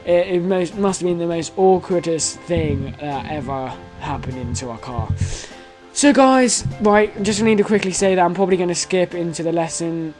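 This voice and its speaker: A young man in his late teens telling a story to camera in a rambling, excitable way, full of fillers, restarts and swearing. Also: a little high, poor audio. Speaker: vlogger.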